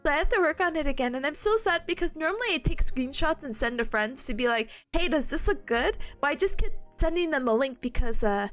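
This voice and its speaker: A woman's voice: high-pitched, animated, brisk, few pauses, fairly bright tone, soft background music. A young woman streaming and chatting casually with her viewers, bubbly and giggly, with a lot of laughter and playful complaining.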